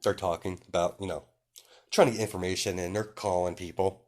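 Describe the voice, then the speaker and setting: A man's voice: sits low, steady tone, a little fast, a little mellow. A man casually telling an improvised story, rambling and filling his speech with "you know" and "um".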